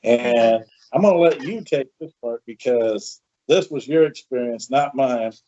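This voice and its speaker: A man hosting a podcast, chatty and animated as he tells a story with asides. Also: mid-range voice, measured pace, a little hiss or hum. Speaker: podcast host. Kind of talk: casual storytelling. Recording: dull lo-fi sound.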